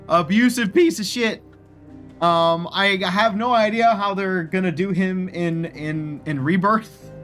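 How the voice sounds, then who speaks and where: A man's voice: on the high side, a bit bright. A man casually commenting on a game during a live stream, chatty, rambling and profane.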